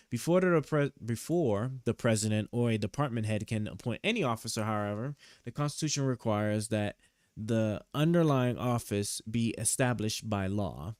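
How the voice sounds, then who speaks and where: A man streaming live, reading a court opinion aloud and stopping often to puzzle over it, with halting, restarting speech. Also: medium pitch, no echo, clean studio sound. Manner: reads legal text aloud, stops to check words. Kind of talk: casual live stream commentary. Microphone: headset or desk mic.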